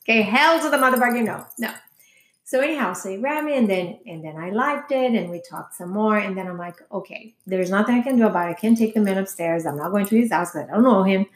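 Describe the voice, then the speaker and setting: A woman's voice: mid-range voice, quick pace. A woman chatting casually, telling a candid, profane story full of quoted dialogue. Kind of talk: casual chat. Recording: echoey room.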